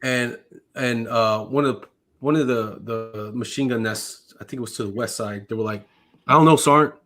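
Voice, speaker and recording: Talking casually as a podcast guest, this military veteran who served as an army medic relates a long story from his life, peppered with swearing and "uh"s and "like"s. He has a fairly bright, mid-range voice with fairly even intonation and a moderate pace.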